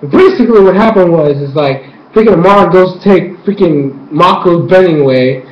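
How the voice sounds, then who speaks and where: A young man giving an excited, rambling fan recap of an episode, acting out scenes with yelps and sound effects. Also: high-pitched, normal speed. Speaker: fan reviewer. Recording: lo-fi echoey room, faint ambience.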